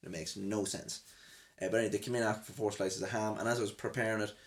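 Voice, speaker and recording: A man's voice: fairly low pitch, steady tone, fast talker. Irish man telling comic work stories. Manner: rambling anecdotes, laughs at himself, sings and mimics others. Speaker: podcast host. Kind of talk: comic storytelling chat.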